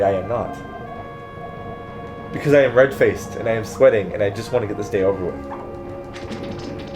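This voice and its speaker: A man telling an exasperated, profane story in casual chat while playing a video game with a friend. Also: mid-range voice. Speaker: let's play co-host. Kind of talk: casual ranting story over gameplay. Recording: game music playing underneath. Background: game music.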